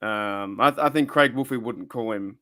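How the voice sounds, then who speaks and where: A man's voice: fairly low pitch, normal speed, a bit bright. An Australian man hosting a casual sports chat, talking loosely with lots of restarts and fillers. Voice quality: rambling, many restarts and fillers. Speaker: podcast host.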